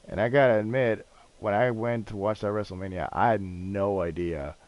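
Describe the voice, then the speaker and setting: Low-voiced rambling streamer man. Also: normal speed. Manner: rambling, excitable storytelling with frequent swearing. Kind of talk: casual gaming stream chat.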